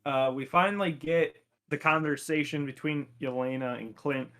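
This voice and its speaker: A man's voice: on the high side, normal speed, a bit bright. A man co-hosting a podcast, recapping an episode in casual, profane chat and laughing a lot. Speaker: podcast co-host.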